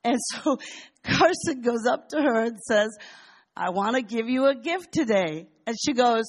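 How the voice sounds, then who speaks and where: An older woman sharing a personal testimony in a chatty, animated storytelling way. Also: fairly high pitch, measured pace. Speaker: church member sharing a testimony.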